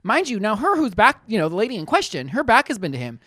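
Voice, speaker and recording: A man's voice: high-pitched, fast talker, no room sound, clean studio sound. A man co-hosting a podcast, telling a story in casual chat and acting out the people he quotes. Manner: animated, acts out quotes in big voices. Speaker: podcast co-host.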